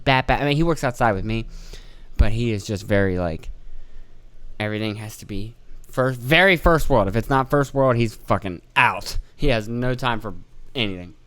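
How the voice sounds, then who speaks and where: A man in his thirties hosts a solo podcast and rants about his week. He curses freely and sounds exasperated as he acts out his stories. His voice is smooth and resonant, recorded close and dry with no room sound. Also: lowish voice, dry recording. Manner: profane, exasperated, animated storytelling. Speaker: podcast host. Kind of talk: casual solo rant.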